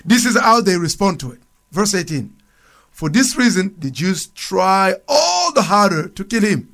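A church speaker on a radio program reads Bible passages aloud, then explains them loosely and conversationally, with restarts and chuckles. His voice is high and sing-song, with a moderate pace and a fairly bright tone.

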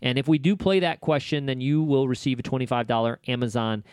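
A man from upstate New York hosts a podcast in a loose, upbeat, rambling way, full of fillers and asides. His voice sits at a middling pitch, and the sound is dry and close. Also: steady tone, fast, a little mellow, clear, resonant tone, no echo. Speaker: podcast co-host. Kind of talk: casual podcast chat.

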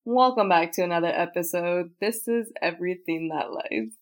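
A woman's voice: on the low side, moderate pace. A woman hosting a podcast in casual outtakes, laughing, apologizing and restarting her story lines again and again. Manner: breaks off to retry story lines. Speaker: podcast host.

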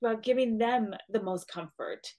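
A woman's voice: on the high side, normal speed, dark tone. A woman who runs her own business, talking earnestly and emotionally as a podcast guest, with frequent restarts. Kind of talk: casual podcast chat.

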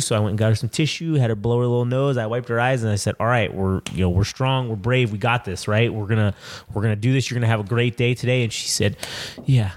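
A man in his thirties, co-hosting a casual chat show, telling a story with lots of swearing and acted-out voices. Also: mid-range voice. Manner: profane, animated storyteller acting out quoted voices. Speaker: podcast co-host.

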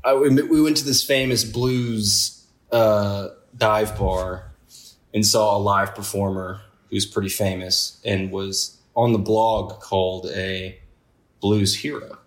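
Low-voiced man telling a rambling story. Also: steady tone, takes it slowly. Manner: rambling storyteller, laughs often. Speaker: podcast co-host. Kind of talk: casual chat. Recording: roomy echo.

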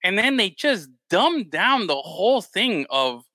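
A man co-hosting a casual chat, talking in an animated, rambling way with plenty of swearing. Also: sits high, measured pace, dry recording. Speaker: podcast co-host.

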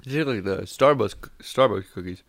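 A man co-hosting a podcast, chatting casually with quick, teasing quips and frequent giggles. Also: lowish voice. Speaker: podcast co-host. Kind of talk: casual comedic chat.

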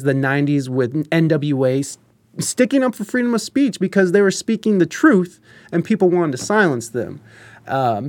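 A man's voice: medium pitch, a little mellow. A man from the United States in casual conversation, giving his views at length in a rambling way and swearing casually. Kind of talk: casual chat.

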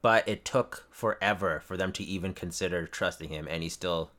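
A man in a casual fan discussion, relaxed and chatty, laughing easily. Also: low-pitched, normal speed.

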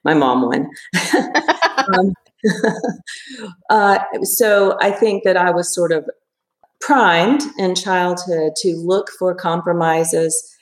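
A woman's voice: on the low side, drawn-out words, pauses often. Reflective middle-aged woman, echoey room. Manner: reflective, hesitant with many restarts and fillers. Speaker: therapist guest. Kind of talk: casual interview.

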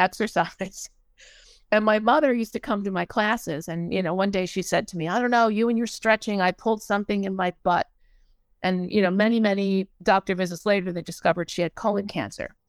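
An older American woman telling a personal story in a halting way, with many restarts and acted-out quotes. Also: lowish voice, clean tone, no room sound. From United States.

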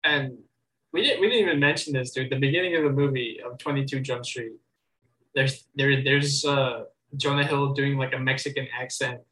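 A young man chatting casually about movies, chatty, with lots of restarts and quick asides. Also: mid-range voice, pushed and bright, poor audio.

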